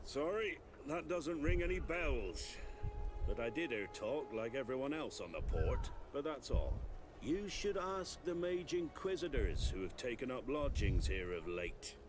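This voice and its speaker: Chatty port worker. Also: male voice, mid-range voice, sing-song, unhurried, background noise. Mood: helpful. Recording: game audio with music behind.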